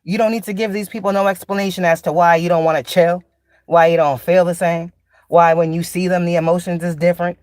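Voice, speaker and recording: A woman's voice: on the low side, little pitch movement, a little fast, darkish tone, no room sound, studio quality. A woman spiritual teacher in a casual, blunt, profane monologue, laughing often and drawing out sarcastic asides.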